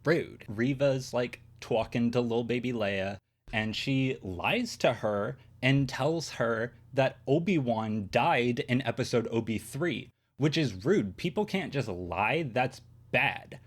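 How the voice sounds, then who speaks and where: A man's voice: mid-range voice, lively intonation, slow. Chatty male host, sassy and playful, mid-range voice, recapping a show from his bedroom. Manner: chatty, sassy, filler-heavy. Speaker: channel host. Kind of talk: casual TV episode recap.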